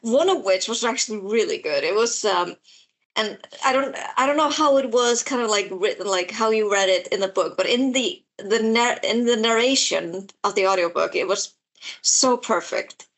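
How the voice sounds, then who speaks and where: A woman's voice: mid-range voice, moderate pace, a bit bright. A woman co-hosting a podcast, talking casually about a book in a rambling way, full of fillers and restarts. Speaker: podcast co-host. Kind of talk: casual chat about books.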